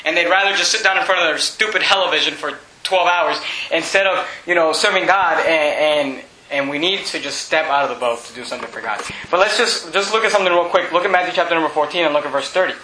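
A man preaching a sermon as pastor, fervent and loud, shouting at times and then dropping low. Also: quick pace, hardly any pauses, echoey room, slight background noise, low-quality recording.

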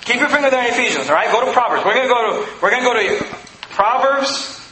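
A pastor preaching in a high, strained voice, swinging from shouted exhortation to quick conversational asides. The sound bounces around a roomy sanctuary, with steady noise in the background. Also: male voice. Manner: fiery preaching, shouting at peaks then dropping to asides. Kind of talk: sermon. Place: church sanctuary. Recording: echoey hall, noisy.

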